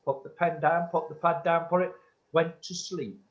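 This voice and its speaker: Church medium, male, slightly higher voice, earnest and insistent, lo-fi dull recording. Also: fairly even intonation, normal speed. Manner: earnest and insistent, calls listeners sweetheart. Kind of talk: church demonstration, answering audience questions. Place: church hall.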